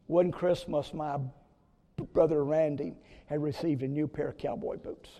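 A man preaching a sermon, telling a story in an earnest way with sudden loud rises. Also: on the high side, fairly even intonation, measured pace. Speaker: pastor. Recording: long reverb of a church hall.

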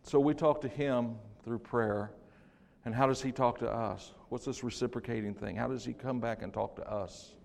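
An older man with a gravelly voice preaches a sermon in a church, dropping low and then rising loud, with joking asides between points. His voice rings with a long reverb from the hall. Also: fairly even intonation, moderate pace. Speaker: pastor. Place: church sanctuary.

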